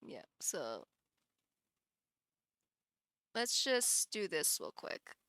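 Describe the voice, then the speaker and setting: Giggly woman streamer, slow bright voice. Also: fairly low pitch, wildly swooping pitch, clean tone, dry recording, clean studio sound. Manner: giggly, rambling with many restarts. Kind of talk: casual live-stream chat.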